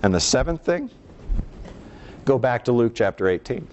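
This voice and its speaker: A man preaching a sermon, emphatic, shifting between quiet low passages and raised lines and asking the congregation rhetorical questions. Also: big pitch swings, normal speed, highs cut off, a little hiss or hum.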